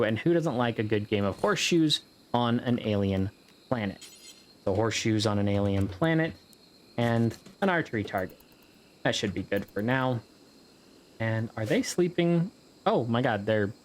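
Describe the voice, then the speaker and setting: A man's voice: medium pitch, a little hiss or hum. A man giving casual, rambling gameplay commentary, joking around and swearing freely as he plays. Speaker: gameplay video host.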